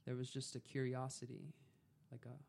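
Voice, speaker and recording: A young man telling a personal story as a podcast guest, calm and unhurried. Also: medium pitch, vocal fry, a little hiss or hum.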